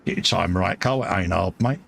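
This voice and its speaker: Gravelly Cockney man chatting. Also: sits low, fast talker, a bit bright, slight background noise. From England. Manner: chatty, matey, reads viewer comments aloud. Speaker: host of a live model-building stream. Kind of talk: casual chat. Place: home hobby workbench.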